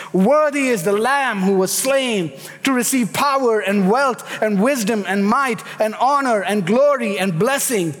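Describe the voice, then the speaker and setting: A man preaching a sermon, emphatic and building in intensity as he speaks. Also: sits high. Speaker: pastor. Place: church sanctuary. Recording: echoey hall reverb.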